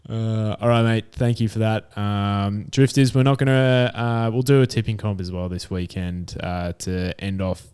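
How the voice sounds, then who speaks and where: Brief: man, podcast co-host, casual and joking, fairly low, clean smooth tone. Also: moderate pace, hardly any pauses, darkish tone. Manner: laid-back, jokey, slangy. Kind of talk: casual racing podcast chat. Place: room at home.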